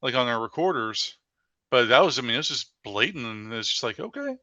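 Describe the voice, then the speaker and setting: A man with a forceful, bright edge to his voice tells stories as a podcast guest. He talks in an animated way and leans on "like" as he goes. The sound is dry and close, with no room around it. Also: mid-range voice, a little fast, no echo. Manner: animated storyteller with frequent "like" fillers. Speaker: paranormal investigator guest. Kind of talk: casual storytelling in a podcast interview.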